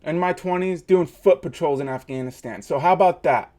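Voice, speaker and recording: A man's voice: fairly high pitch, fairly quick, dark tone. Heated man ranting in a reaction video. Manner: heated, mocking rant. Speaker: host. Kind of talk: reaction commentary.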